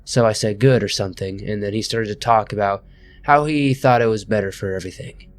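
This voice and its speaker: A man reading first-person horror stories aloud as scripted narration, at a steady pace. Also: lowish voice, a little fast.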